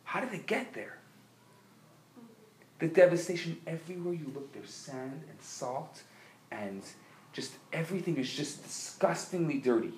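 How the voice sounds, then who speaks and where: A man's voice: fairly high pitch, sing-song, unhurried, pauses often, reverberant, slight background noise. A man giving an inspirational sermon at a convention, telling a story with frequent restarts and building to emphatic appeals. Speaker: speaker at a religious convention.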